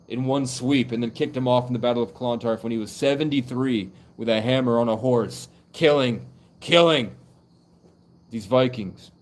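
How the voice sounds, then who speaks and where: A man's voice: mid-range voice, darkish tone. A young man livestreaming and talking in a loose, rambling way, full of "like" fillers. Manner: rambling, heavy use of "like" fillers. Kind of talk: casual live stream monologue.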